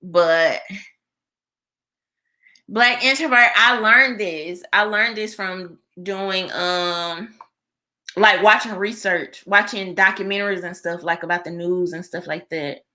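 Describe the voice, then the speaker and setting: A woman's voice: mid-range voice, takes it slowly, sharp tone. A young woman hosting a live stream, chatting casually with viewers and reading their comments aloud, full of fillers.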